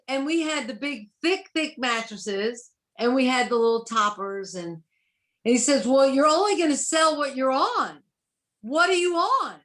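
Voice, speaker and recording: A woman's voice: a little high, fairly bright tone. A woman on a video call eagerly sharing a story with her team in a chatty way. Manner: chatty, enthusiastic anecdote teller. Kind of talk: casual chat on a video call.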